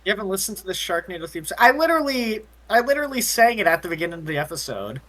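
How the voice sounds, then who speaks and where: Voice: medium pitch, big pitch swings, rapid-fire, fairly bright tone. A young co-host of a casual movie podcast, blunt and laughing, summarizing characters. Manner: laughing, blunt, sings snatches jokingly. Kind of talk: casual movie review chat.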